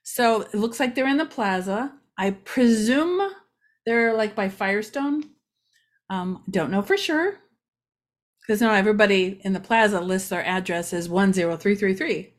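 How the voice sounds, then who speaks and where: A woman's voice: mid-range voice, normal speed. A woman from Ohio hosting a casual local-news vlog, chatty and rambling with many asides. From Ohio, USA. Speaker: local community vlogger.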